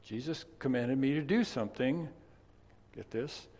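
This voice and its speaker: A man preaching a sermon, chatty in his asides and then emphatic and loud on key points. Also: medium pitch, unhurried. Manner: conversational, swings from quiet asides to emphatic loud stresses. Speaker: pastor. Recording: long reverb of a large hall.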